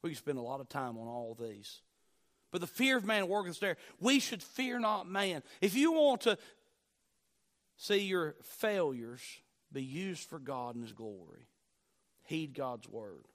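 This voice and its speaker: High-voiced man preaching with swinging intensity. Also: animated, a little slow. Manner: emphatic preaching, swinging between loud declarations and low, hushed lines; repeats key phrases for effect. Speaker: pastor. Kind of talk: sermon.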